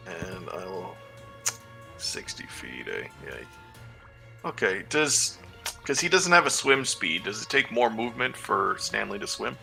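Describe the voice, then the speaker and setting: Gravelly, lively male tabletop player. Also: on the low side, takes it slowly, pauses often, faint music behind. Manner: thinks aloud, hesitant, talks while counting moves. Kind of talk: casual tabletop game play.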